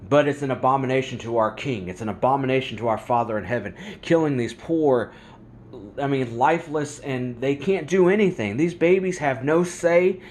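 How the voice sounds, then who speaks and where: A man's voice: mid-range voice, normal speed, darkish tone, a little hiss or hum. Angry ranting male vlog host. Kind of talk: religious commentary vlog.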